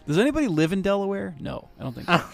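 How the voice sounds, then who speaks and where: A man co-hosting a casual podcast, tossing in quick wisecracks. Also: high-pitched, sing-song, gravelly, no echo, faint music behind. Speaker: podcast co-host. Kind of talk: casual chat.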